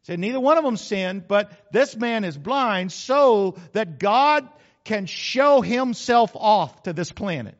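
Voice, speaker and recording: A man's voice: high voice, animated, slow, highs cut off. A man preaching a sermon as pastor, conversational and emphatic, with sudden exclamations.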